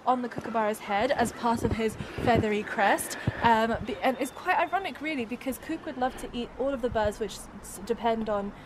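A woman vlogger out in the snow, talking in a playful, giggly way and presenting things with mock grandeur. Her voice sits a little high. Steady noise runs under the outdoor recording. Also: brisk, few pauses. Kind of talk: casual outdoor chat.

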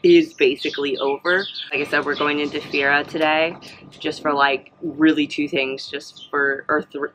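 Bright-voiced young woman chatting casually. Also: sits low, level tone, normal speed, slight background noise, rough recording. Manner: rambling, many fillers and restarts. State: has the hiccups. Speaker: vlogger. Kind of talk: casual chatty travel recap.

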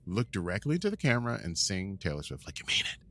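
A podcast co-host in casual chat, jokey and quick to laugh. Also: sits low. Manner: animated, jokey, laughs often.

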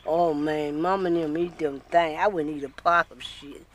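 An older woman, a blues singer, telling earthy stories about her childhood in a relaxed, laughing way. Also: low voice, slight background noise. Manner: slow, earthy storytelling with hearty laughs. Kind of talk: relaxed storytelling.

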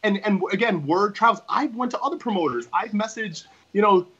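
A man's voice: sits high, lively intonation, brisk, bright, forceful tone, highs cut off. A man talking as a wrestling promoter guest in a casual podcast chat, rambling and emphatic with many restarts.

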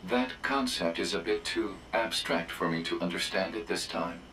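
A man voicing a literal-minded male robot support pod in a video game, speaking in a flat, formal way. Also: low-pitched, moderate pace, soft background music, low-quality recording. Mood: deadpan.

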